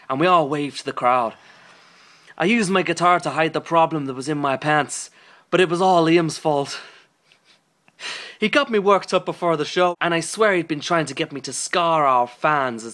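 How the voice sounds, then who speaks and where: A man doing a lustful young Irish pop singer, in a slightly high voice. The Irish accent is clumsy and put on. He reads in an over-dramatic, stumbling way, like a comic reading aloud. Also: fairly bright tone, natural voice. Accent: put-on Irish, poorly done.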